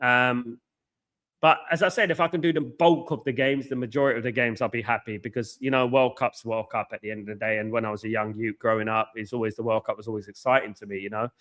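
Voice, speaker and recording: Talking over a football match for his stream, this married watchalong host has a mid-range voice and a fast, fervent delivery. He keeps repeating himself, calls out chat messages and sounds thoroughly wound up, all captured through headphones with a built-in mic.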